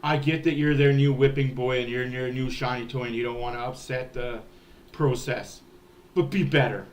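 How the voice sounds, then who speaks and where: A man's voice: mid-range voice, fairly even intonation, moderate pace. A man hosting a hockey fan livestream, ranting in a heated, profane way. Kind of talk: ranting sports livestream talk.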